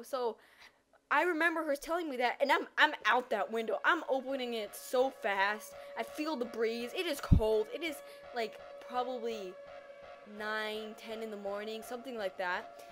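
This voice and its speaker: A teenage girl telling a personal story in a casual vlog, animated and dramatic, acting out her own reactions. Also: a little high, moderate pace, soft background music. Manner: animated, dramatic retelling with acted-out quotes.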